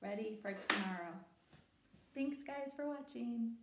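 A woman who teaches English online chats casually in a vlog about her lessons, her voice on the high side and her pace measured. She's chatty and animated, over-enunciating for her student. She's in her home teaching room, with heavy background noise and a roomy echo on the recording.

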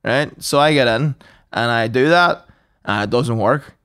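A man's voice: medium pitch, unhurried, a bit bright, clear, resonant tone, no echo, studio quality. A man co-hosting a podcast, swearing and laughing as he reads a list aloud. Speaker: podcast co-host. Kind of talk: casual chat.

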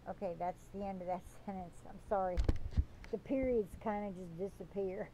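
A woman reading prophecy and scripture aloud in a deliberate way, stopping for chatty asides and apologies. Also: mid-range voice, steady tone, mellow, slight background noise, poor audio. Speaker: Christian devotional reader.

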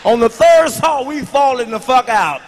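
A man doing a live stand-up routine on a large stage into a handheld mic, brash and profane, dropping to mutters and rising to shouted punchlines. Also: very high voice, expressive, normal speed, big-room sound. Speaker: stand-up comedian.

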